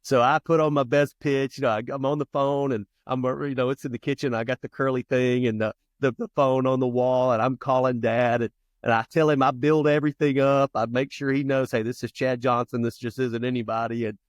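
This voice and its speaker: A founder and youth coach in his fifties, guesting on a podcast, shares personal stories conversationally, acting out moments from his childhood with earnest restarts and asides. He talks a little fast at medium pitch, rarely pausing, in a dry recording.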